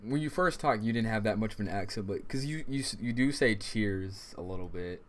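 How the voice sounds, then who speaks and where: A man's voice: lowish voice, animated, a little fast. A man hosting a casual podcast on his live stream, talking in a laid-back way with lots of fillers and frequent laughs.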